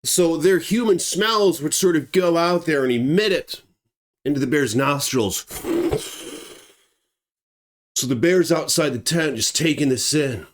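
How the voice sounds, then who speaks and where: A man telling a true story in a casual, animated way, swearing and acting out the scenes. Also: on the high side, normal speed.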